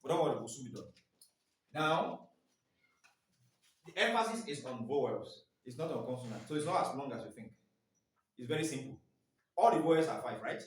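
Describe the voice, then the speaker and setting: A man's voice: mid-range voice, animated, brisk, pauses often. A man in his forties running a staff training, quizzing the group and spelling out letters one by one. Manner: quizzing, often ends phrases with a prompting "what?". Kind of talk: classroom training lecture. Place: indoor training room. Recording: echoey room, mic far off.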